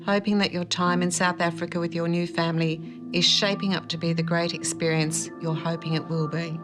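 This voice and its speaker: Flat-voiced mother reading a worried letter. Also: lowish voice, brisk. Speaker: mother of a teen. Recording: narration with loud background music.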